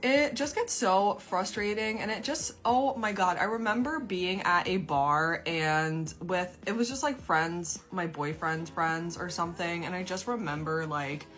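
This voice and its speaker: Young woman, lowish voice, sarcastic, exasperated storytime vent. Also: unhurried, few pauses, a bit bright, faint music behind.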